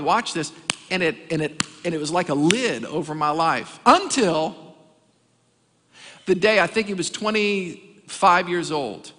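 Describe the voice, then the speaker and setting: A man's voice: on the high side, animated, a little slow, pushed and bright. A male pastor preaching a sermon, emphatic and calling on the congregation to answer back. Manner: emphatic preaching, calls for audience responses. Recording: long hall reverb.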